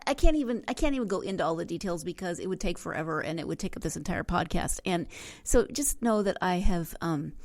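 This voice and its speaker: A woman's voice: fairly low pitch, a little mellow. A woman hosting a book podcast, chatting casually with dry, self-deprecating sarcasm. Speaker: podcast host. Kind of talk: casual solo podcast talk.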